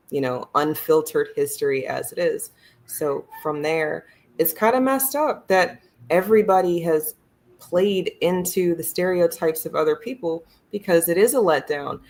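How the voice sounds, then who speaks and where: A woman co-hosting a casual talk show, speaking in a thoughtful, measured way. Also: sits low. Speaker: podcast co-host. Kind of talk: casual discussion.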